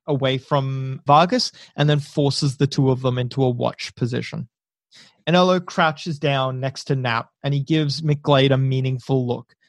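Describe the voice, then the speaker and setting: A man's voice: fairly high pitch, dry recording. A man narrating a tabletop war game as game master. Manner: steady descriptive narration.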